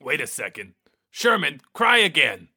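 A man improvising as a panel investor on a comedy podcast, quick and mock-outraged, often laughing. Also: a little high, big pitch swings, vocal fry, bright, forceful tone, husky.

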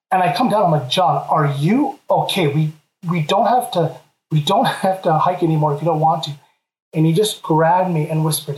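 A man in his thirties telling a comic personal story, laughing as he goes. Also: on the high side. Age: 30s. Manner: lively, laughs through his own story. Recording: roomy echo.

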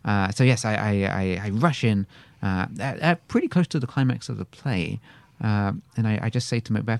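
Animated, gravelly English-accented man. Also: lowish voice, dry recording. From England. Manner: halting, many repeated starts, animated. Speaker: actor guest. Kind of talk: casual storytelling chat.

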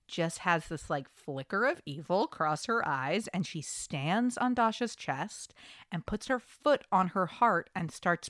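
A young woman hosting a podcast, casually recapping an episode with lively, animated retelling and quoted asides. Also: on the low side, clear, resonant tone, no room sound, studio quality. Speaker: podcast host.

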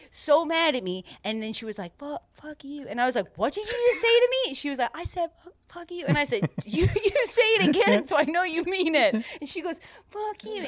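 A woman's voice: on the high side, dry recording, natural voice. A woman voicing a cheeky twelve-year-old boy podcaster who blurts things out, giggles and rambles. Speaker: podcast guest. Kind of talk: improvised comedy podcast.

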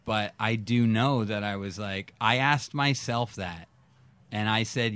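A man on a podcast telling a personal story in casual chat, acting out his own past reactions with sudden jumps in pitch. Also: fairly even intonation, measured pace, fairly bright tone, smooth. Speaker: podcast guest.

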